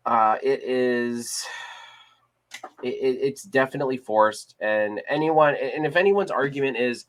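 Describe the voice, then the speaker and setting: A man's voice: mid-range voice, unhurried, a bit bright. A man co-hosting a casual discussion podcast, talking in a rambling way with many restarts and fillers. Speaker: podcast co-host. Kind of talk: casual chat.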